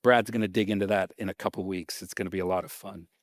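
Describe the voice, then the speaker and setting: A male pastor preaching a sermon in a casual, conversational way, reading scripture aloud and then explaining it with lively reactions. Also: low-pitched, fast talker, dry recording, clean studio sound. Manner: animated and conversational, acting out reactions.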